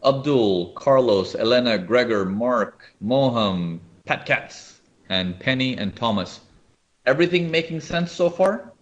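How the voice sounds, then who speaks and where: Through lo-fi audio, a trading educator speaks a little slowly in a medium-pitched voice while running a live webinar. He goes over charts animatedly and regularly asks whether viewers are keeping up.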